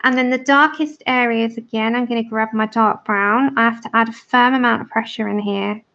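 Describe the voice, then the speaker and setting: A woman's voice: on the high side, fairly even intonation, normal speed, a bit bright. A woman hosting a colouring livestream, chatting casually and explaining each step as she works. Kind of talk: casual tutorial chat while colouring. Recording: dull lo-fi livestream audio.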